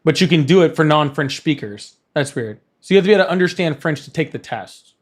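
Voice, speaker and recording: A fast, expressive talker with a voice on the high side, this man hosts a live political call-in stream. The chat is casual; he's blunt and dismissive with callers and thinks out loud between them.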